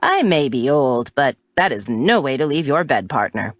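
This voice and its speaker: A woman voicing a blunt but caring grandmother in her seventies, speaking softly and firmly. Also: extremely low pitch, big pitch swings, normal speed, no room sound, studio quality, faint music behind, heavily acted. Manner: soft and firm.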